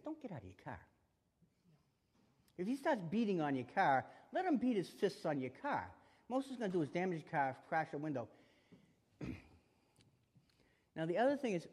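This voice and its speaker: A man giving a spoken lesson on staying safe, animated and acting out the exchanges he describes. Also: on the high side, normal speed, pauses often. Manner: animated, acts out quoted exchanges. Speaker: self-defense instructor. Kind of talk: spoken teaching talk. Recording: long reverb of a hall.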